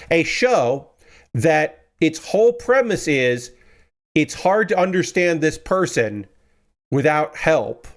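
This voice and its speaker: A man live streaming casual chat as he works a jigsaw puzzle, rambling and digressive and answering his chat. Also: fairly high pitch.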